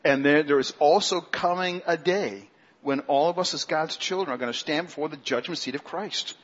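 A man preaching a sermon as pastor, animated, mimicking grumbling people in a mocking high voice. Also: moderate pace, muffled recording.

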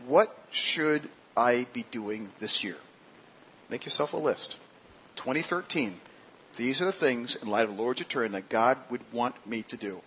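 Male pastor, mid pitch, earnest sermon delivery; dull lo-fi recording, faint noise. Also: fairly bright tone, breathy edge. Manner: earnest preaching, slows and lifts his voice on scripture quotes.

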